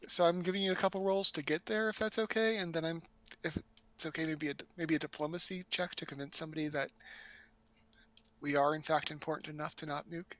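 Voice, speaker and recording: A man's voice: on the high side, steady tone, brisk, fairly bright tone. A man playing a tabletop game, laying out his plans at length. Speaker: player. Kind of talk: casual tabletop play.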